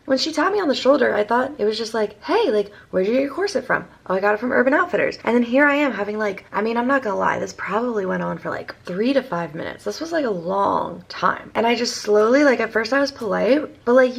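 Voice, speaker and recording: A young woman from Maryland, hoarse with her voice mostly gone, rambling through a casual vlog story with lots of fillers. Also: medium pitch. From Maryland, USA. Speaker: vlogger.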